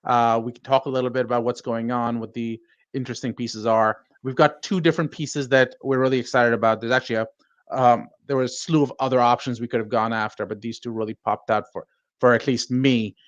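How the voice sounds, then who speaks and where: A man's voice: medium pitch, fairly even intonation, brisk, dry recording, dull audio. A man hosting a casual podcast chat, rambling through fillers with a dry, self-mocking manner. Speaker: podcast host.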